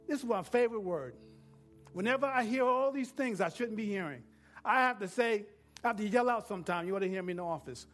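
A man preaching a sermon, rising from quiet talk to shouting and asking the congregation to call back answers. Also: high voice, expressive, brisk, faint music behind. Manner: builds from quiet to shouting, call-and-response questions. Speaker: pastor.

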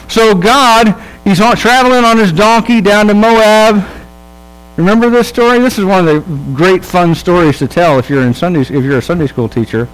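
High-pitched guy preaching, chatty and jokey, acting out the characters, keeps asking the crowd "right?". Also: lively intonation, moderate pace, clear, resonant tone, rough recording. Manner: casual, humorous storytelling with quoted voices; conversational, checks in with the audience. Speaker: pastor. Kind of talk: sermon.

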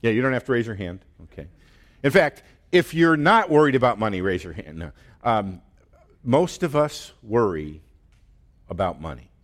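A man's voice: mid-range voice, sing-song, normal speed, long pauses. A middle-aged man giving a conversational sermon as pastor, with fillers and restarts. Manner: conversational, laughs often, many fillers and restarts.

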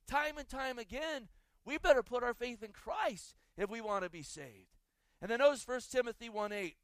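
A man's voice: very high voice, normal speed, no room sound. A man preaching a sermon and reading scripture aloud, asking the congregation rhetorical questions as he goes. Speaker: pastor.

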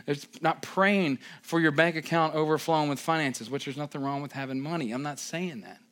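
A man, a pastor, preaching a sermon who swings from raised, emphatic lines to quiet, low ones.

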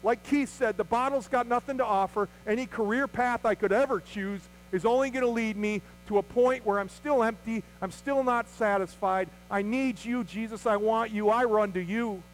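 A man's voice: high-pitched, moderate pace, hardly any pauses, slight background noise, poor audio. A man preaching an Easter sermon as pastor, earnest, with rhetorical questions and acted-out quotes.

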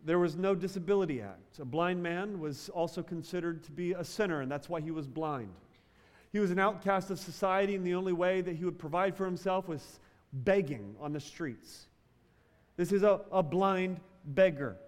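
A man preaching a sermon in a high, bright voice. He builds to loud, emphatic lines, then drops to slow, soft ones. His voice rings out with a long hall reverb. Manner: preaching with swings from loud emphasis to quiet, drawn-out phrases. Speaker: pastor.

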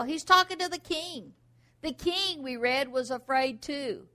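A woman delivers a sermon in a high voice. She is emphatic and presses her points with rhetorical questions. Her tone is bright and ringing. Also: animated, unhurried. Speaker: preacher.

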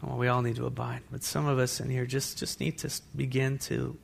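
A man preaching a sermon as pastor to a congregation in a church, animated, with asides to the listeners. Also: mid-range voice, a little fast, vocal fry, slight background noise.

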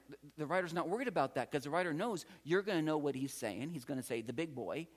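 A man giving a patient, encouraging classroom lecture as a Greek teacher, often repeating key words. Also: a little high. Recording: long hall reverb.

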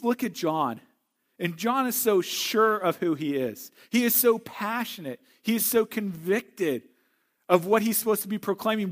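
A man's voice: high voice, fairly bright tone. A man preaching a sermon as pastor, conversational and earnest, often asking rhetorical questions.

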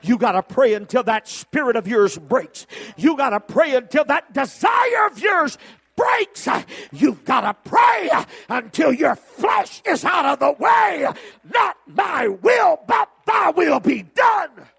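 A man preaching a fiery sermon, building to shouts and then dropping to quiet asides. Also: very high-pitched, very animated, slow, vocal fry, some chatter behind.

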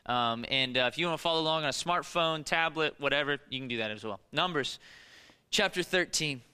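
A man's voice: on the high side, fairly quick, bright, forceful tone, clean tone, in a large hall. A man preaching a sermon as pastor, emphatic and asking the congregation rhetorical questions. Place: church.

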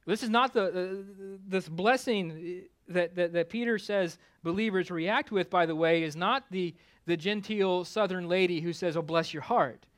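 A male pastor preaching a conversational sermon with self-deprecating humor, climbing louder for emphasis and dropping low for asides. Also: measured pace, few pauses. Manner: rises in pitch and volume for emphasis, drops low for asides.

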